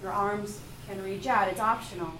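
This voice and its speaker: A woman teaching a live yoga class, giving calm pose and breath cues with playful laughs. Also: medium pitch, moderate pace, slight background noise. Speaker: yoga instructor. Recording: echoey room.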